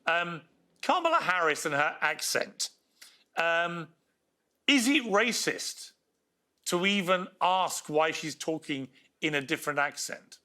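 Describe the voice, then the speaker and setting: A man's voice: fairly high pitch, lively intonation, slow, bright, forceful tone. A man hosting a TV talk show, reading a scripted intro and questioning a guest. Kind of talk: interviewing a guest.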